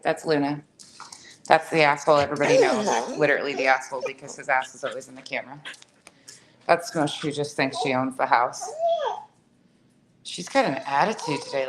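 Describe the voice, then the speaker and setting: Low-voiced woman chatting about her cats. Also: noisy background. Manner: chatty, blunt, swears freely. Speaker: cat owner vlogger. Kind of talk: casual chat to camera. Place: home, indoors.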